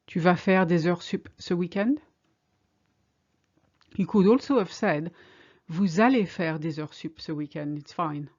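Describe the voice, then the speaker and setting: A woman with a fairly low voice teaches a French lesson, explaining in English and slowing right down to say each French phrase clearly. The sound is a little dull and lo-fi. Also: a little mellow. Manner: clear, deliberate, slows down to model French phrases. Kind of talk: language lesson.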